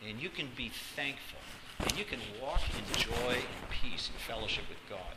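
A man preaching a sermon in a church, swinging from loud, dramatic lines to hushed ones. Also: mid-range voice, animated, normal speed, very noisy. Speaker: pastor.

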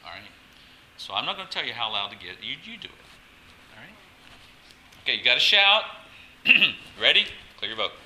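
A man pastor giving a lively sermon at a church service, coaxing the congregation to join in. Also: mid-range voice, moderate pace, pauses often, a little hiss or hum, low-quality recording.

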